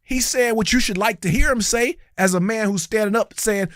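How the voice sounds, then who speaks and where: A man's voice: high-pitched, moderate pace, fairly bright tone, dry recording, clean studio sound. A man hosting a reaction commentary, talking in a heated, preachy, colloquial way and speaking straight to his viewers. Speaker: commentary channel host.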